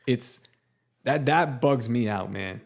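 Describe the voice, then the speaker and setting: Young guy, casual storyteller, middle pitch, quotes people as he goes. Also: takes it slowly, gravelly. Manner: storytelling, acts out quotes, fillers like "like" and "dude". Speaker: podcast co-host. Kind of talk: casual chat.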